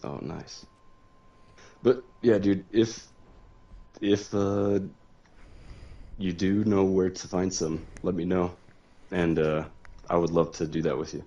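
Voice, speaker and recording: A man with a very low, deep voice chatting casually with a friend during a game stream. He keeps his replies short and laid-back and laughs easily. His mic sounds dull and lo-fi, with the top end cut off. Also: steady tone, takes it slowly, pauses often, dark tone. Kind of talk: casual chat.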